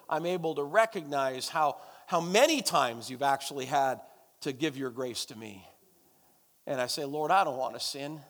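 A man's voice: on the high side, expressive, normal speed, a bit bright. A man preaching a sermon and leading prayer in a church, emphatic and repetitive, calling out to the congregation. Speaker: pastor. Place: church service. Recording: long church hall reverb.

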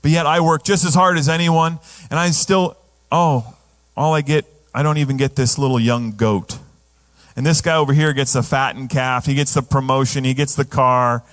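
A man's voice: medium pitch, fairly even intonation, moderate pace, a bit bright, close to an everyday voice. A man playing a grumbling churchgoer who feels overlooked, in a complaining, self-pitying way. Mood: whiny.

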